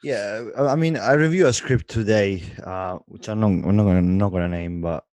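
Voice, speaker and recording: Low, mellow man talking haltingly. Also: dry recording. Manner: halting, loose grammar, many fillers. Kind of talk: casual podcast chat.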